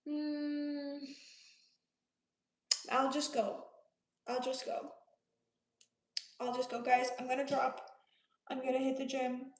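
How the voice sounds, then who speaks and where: Late-20s woman from Romania, livestream host, high-pitched and relaxed, roomy echo. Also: slow pace, long pauses. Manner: laid-back, chatty, reads comments aloud and answers them. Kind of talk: casual livestream chat reading viewer comments.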